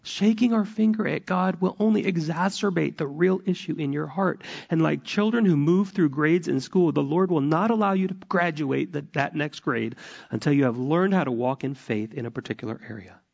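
Pastor, male, fairly high voice, impassioned sermon delivery dropping to near-whispers, muffled recording. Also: moderate pace, creaky. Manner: emotional, swings from loud emphasis to hushed whispers.

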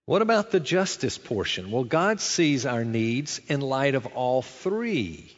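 A man preaching a sermon in an earnest, conversational way, asking rhetorical questions as a pastor. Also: mid-range voice. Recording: dull sound with long hall reverb.

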